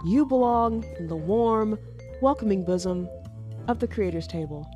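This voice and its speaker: A woman introduces her podcast in a scripted read, slipping in cheeky jokes between the lines. Soft music plays faintly underneath her voice. Her pitch sits in a middle range. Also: lively intonation, moderate pace, dull audio. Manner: playful, teasing asides. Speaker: podcast host.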